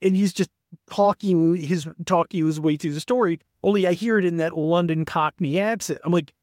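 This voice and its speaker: Speaking at normal speed in a slightly high voice, a middle-aged Southern man tells stories in a casual author interview. He acts out the friends he quotes by raising his voice, and the studio recording is clean and dry.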